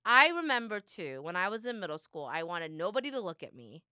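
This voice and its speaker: A woman in her thirties co-hosting a podcast, chatting bluntly, swearing freely and acting out her family in loud bursts. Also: lowish voice, big pitch swings, brisk, clean tone, dry recording, studio quality. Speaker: podcast co-host. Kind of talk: casual chat.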